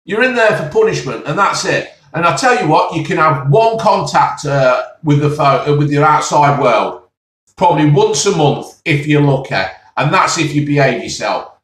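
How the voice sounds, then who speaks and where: A man's voice: on the high side, normal speed, fairly bright tone. A man ranting bluntly and heatedly in a rambling monologue, swearing mildly. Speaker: vlogger. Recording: echoey, from far off the mic.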